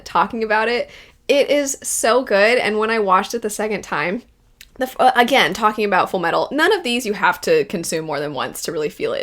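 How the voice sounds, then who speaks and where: A young woman hosting a video essay, gushing and rambling with emotion about stories she loves. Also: mid-range voice. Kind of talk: casual enthusiastic commentary.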